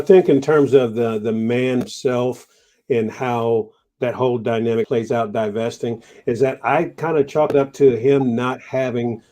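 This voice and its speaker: Measured man with a mellow voice. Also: medium pitch. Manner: measured, deliberate. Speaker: panel guest. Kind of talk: casual panel discussion.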